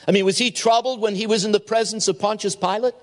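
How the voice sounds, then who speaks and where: A man preaching a sermon at an evening chapel service, acting out the people in his stories with lively changes of voice. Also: high voice, fast talker. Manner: expressive preaching, acts out dialogue. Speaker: pastor.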